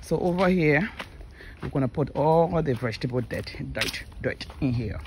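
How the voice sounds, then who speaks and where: A woman's voice: normal speed, noisy background. Chatty woman filming her yard. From Liberia. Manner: chatty, talks to camera and to kids and dogs, lively swings up into high scolding. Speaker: vlogger. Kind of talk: casual home vlog. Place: outdoors at a home yard and kitchen.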